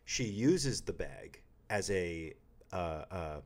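Man, low voice, rambling jokey podcast co-host. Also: lively intonation, slow pace, slight background noise. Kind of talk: casual chat.

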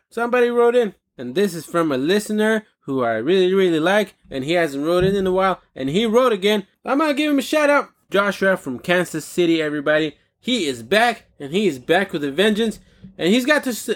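A fairly high-pitched man hosts a podcast alone and rants with heat. He swears freely and hammers his points home by repeating them. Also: very animated, brisk. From United States. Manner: heated, swearing, repeating lines for emphasis. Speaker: podcast host. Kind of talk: solo profane rant.

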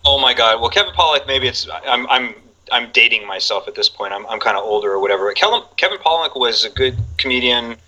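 A man's voice: mid-range voice, animated, quick pace, few pauses, pushed and bright, rough recording. A man in his forties, a guest on a casual chat show, rambling and laughing often between many fillers. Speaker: podcast guest.

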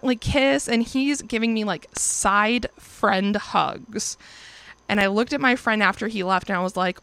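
A woman's voice: fairly high pitch, measured pace, fairly bright tone, no room sound. A young woman in her twenties casually telling a personal story as host, chatty and profane, acting out quoted lines in livelier voices. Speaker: podcast or vlog host.

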